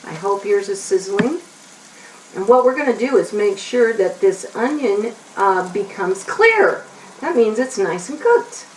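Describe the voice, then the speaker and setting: A woman talks her viewers through a recipe in a slow, rambling, friendly way, chatting to herself as she cooks. She is recorded in a roomy home kitchen, a bit back from the mic. Onions sizzle softly in the pan. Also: medium pitch, very animated, far from the mic, slight background noise. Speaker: cooking show host. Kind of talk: casual cooking demonstration for kids.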